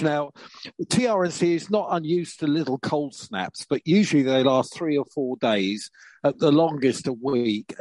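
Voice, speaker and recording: An older man chats casually as a podcast co-presenter, laughing wryly and restarting his phrases as he goes. His voice sits a little high for a man and is recorded dry, with no room sound. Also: darkish tone, no room sound, low-quality recording. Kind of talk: casual chat.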